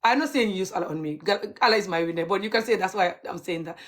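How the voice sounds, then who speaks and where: A woman's voice: medium pitch, very fast, a bit bright. A young adult woman, ranting heatedly and mockingly on a livestream as a vlogger. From Gambia. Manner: heated, mocking, laughs bitterly. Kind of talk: livestream rant.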